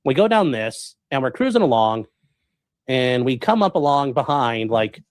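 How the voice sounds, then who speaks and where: A man streaming, telling a story to his chat in a rambling, animated way, full of fillers and acted-out quotes. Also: mid-range voice, moderate pace, dry recording. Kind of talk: casual storytelling to a live chat.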